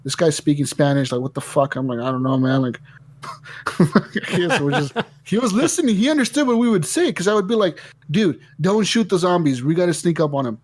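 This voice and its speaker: Animated swearing guy on a gaming podcast. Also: high-pitched, brisk. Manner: animated storytelling, heavy swearing. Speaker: podcast host. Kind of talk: casual gaming podcast chat.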